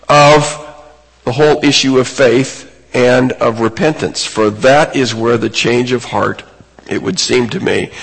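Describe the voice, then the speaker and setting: A man preaching a sermon in a slow, deliberate way with a slightly husky voice. He speaks earnestly and lifts his voice to stress key points. His words ring with the long reverb of a large sanctuary. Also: a bit bright. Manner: earnest, emphatic, rises in pitch on key points.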